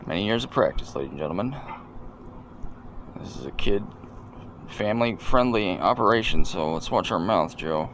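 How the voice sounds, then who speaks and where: Deadpan rambling man hosting a video. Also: deep voice, normal speed, long pauses, slight background noise. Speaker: video host. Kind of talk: casual commentary over video clips.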